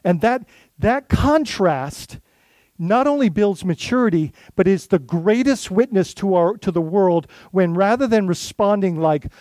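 Lead pastor, male, high voice, dry close sound; conversational sermon with rhetorical questions. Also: animated, unhurried, a little mellow, no echo. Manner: conversational preaching with rhetorical questions and many restarts.

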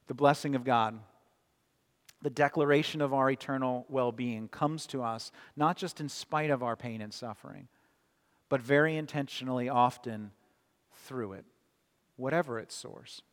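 Earnest male pastor preaching in a hall. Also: mid-range voice. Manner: earnest, emphatic preaching that drops soft on key phrases. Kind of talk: sermon. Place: church sanctuary.

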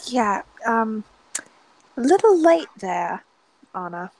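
A woman playing her character at a tabletop game, hesitant and full of ums. Her voice is slightly high and gravelly, and it comes through dry, with no room echo. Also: sing-song, slow. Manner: hesitant, many ums, wry. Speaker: player. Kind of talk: tabletop game role-play.

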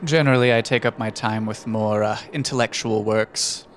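A man's voice: fairly low pitch, steady tone, normal speed. Dry-toned man questioning in character. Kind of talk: tabletop role-play.

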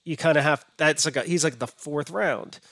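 A man's voice: on the high side, moderate pace, fairly bright tone, no echo. A man as a podcast guest, talking casually and hesitantly with many restarts. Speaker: podcast guest, fantasy baseball analyst.

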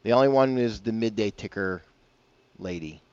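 A man's voice: on the low side, moderate pace, darkish tone, clear, resonant tone, no echo, highs cut off. A man hosting a casual morning golf radio show, rambling and chatty with self-deprecating asides, on a broadcast mic. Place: broadcasting from a bar.

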